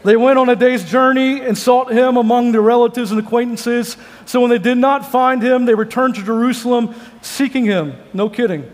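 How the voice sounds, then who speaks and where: High-voiced pastor, joking sermon. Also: male voice. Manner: joking, conversational storytelling. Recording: long hall reverb.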